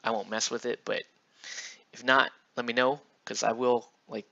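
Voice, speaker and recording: A man's voice: medium pitch, flat delivery, moderate pace, gravelly, bright, forceful tone. Laid-back man chatting on a stream. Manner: laid-back, rambling, slangy. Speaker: streamer painting miniatures. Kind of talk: casual live-stream chat. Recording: dull lo-fi stream audio.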